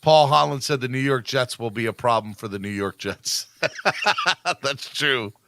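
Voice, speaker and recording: A man's voice: medium pitch, measured pace, sharp tone, a little hiss or hum. A man hosting a casual sports podcast, reading out news updates and laughing along with his co-hosts. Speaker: podcast host.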